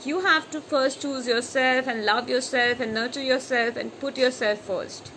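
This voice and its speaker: A woman's voice: high voice, normal speed, slight background noise, poor audio. A woman spiritual coach giving an emphatic motivational talk on a live stream, acting out anxious voices as she goes. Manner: animated, acts out anxious voices; repetitive, emphatic. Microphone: phone or webcam on a live stream.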